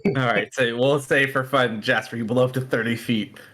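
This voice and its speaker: Bright, relaxed male game master who laughs through his narration. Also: mid-range voice, moderate pace. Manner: easygoing, laughs often while narrating. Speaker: dungeon master. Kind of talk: running a tabletop game.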